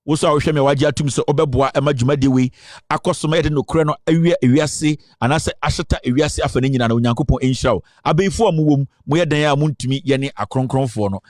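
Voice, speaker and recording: A man's voice: medium pitch, fast talker, darkish tone, no echo, studio quality. A Ghanaian man hosting a live political talk stream, boastful and rambling, switching between Twi and English. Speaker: online show host.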